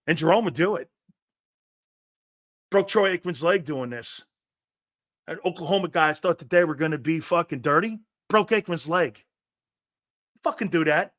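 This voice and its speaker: A man's voice: high-pitched, expressive, normal speed, pauses often, fairly bright tone, no echo, studio quality. A man hosting a live sports talk show, reading viewer comments and ranting in a brash, profane, fired-up way.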